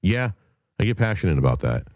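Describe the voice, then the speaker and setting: A man's voice: low-pitched, big pitch swings, fairly quick, vocal fry, a little mellow, no echo, studio quality. A middle-aged man hosting a podcast, telling a story in a heated, profane monologue. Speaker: podcast host. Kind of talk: casual monologue.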